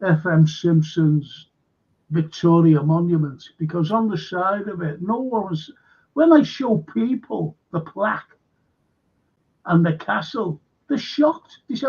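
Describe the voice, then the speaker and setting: Man, local historian, gravelly and husky, raised pitch, lo-fi stream audio. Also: a little slow. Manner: animated storyteller acting out quoted voices. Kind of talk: casual chat on a live stream.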